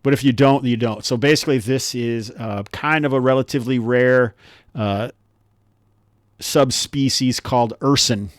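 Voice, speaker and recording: A man's voice: mid-range voice, moderate pace, no room sound, clean studio sound. A man narrating as game master of a tabletop game, rambling with many restarts.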